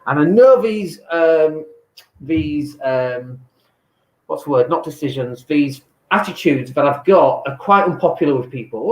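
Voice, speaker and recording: A man's voice: on the high side, very animated, normal speed. A man vlogging casually from his home, talking in a blunt, exasperated, ranting way. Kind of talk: casual lockdown vlog rant. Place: home in Spain. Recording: echoey room.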